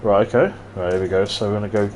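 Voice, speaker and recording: A man's voice: on the low side, steady tone, very fast, darkish tone, slight background noise. Rambling man streaming a retro game. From London. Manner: rambling, chatty, ranting asides. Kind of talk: casual live-stream chat while playing.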